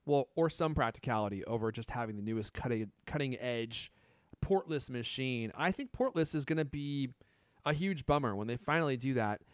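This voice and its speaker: A man's voice: medium pitch, moderate pace, smooth, no room sound, clean studio sound. A man in his thirties co-hosting a casual tech chat, joking and laughing often. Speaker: podcast co-host.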